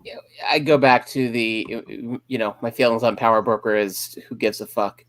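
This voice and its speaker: A man's voice: mid-range voice, fairly even intonation, moderate pace, a bit bright, dry recording. A man on a casual movie discussion podcast, blunt and dismissive, swearing freely. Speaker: podcast co-host.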